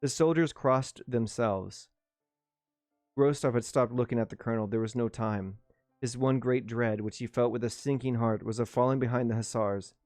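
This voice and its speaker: A man's voice: mid-range voice, moderate pace, darkish tone, dry recording, clean studio sound, soft background music. A man reading a novel aloud on a livestream, with casual asides and small restarts. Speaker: livestream book reader.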